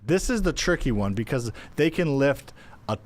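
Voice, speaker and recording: A male co-host with a medium-pitched voice, chatting loosely on an investing podcast. He jokes, reasons out loud and drops the odd swear word in a relaxed, unscripted way. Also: moderate pace. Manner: loose and joking, thinks out loud, swears casually. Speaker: co-host of a real estate investing show. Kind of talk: casual podcast chat.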